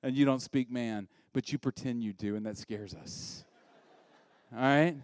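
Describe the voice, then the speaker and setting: A middle-aged American pastor preaching a sermon in a lively, conversational way and acting out voices. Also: male voice, mid-range voice, a little slow, dry recording. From United States.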